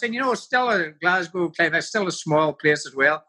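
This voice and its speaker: A man's voice: on the high side, lively intonation, brisk, sharp tone. An older man with a Northern Irish accent, telling stories as an interview guest, rambling and full of "you know". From Northern Ireland. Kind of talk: casual storytelling.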